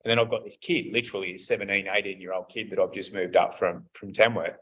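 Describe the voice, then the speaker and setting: A man's voice: deep voice, steady tone, quick pace, fairly bright tone. A man, a roundtable guest, telling personal stories candidly and bluntly and swearing freely. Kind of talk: casual storytelling in conversation. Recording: dull lo-fi recording.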